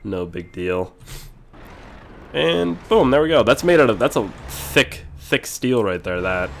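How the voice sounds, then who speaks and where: A man hosting a casual let's-play video while sick, clearing his throat often, excitable and quick to yell and swear when things go wrong. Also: mid-range voice, a little hiss or hum. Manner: excitable, swears and yells at mishaps. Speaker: gaming video host.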